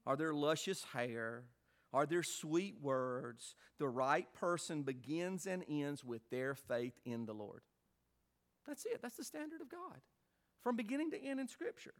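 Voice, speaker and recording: A man preaching a Sunday night sermon, emphatic, asking rhetorical questions. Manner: emphatic, rhetorical questions, animated swings in pitch. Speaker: pastor.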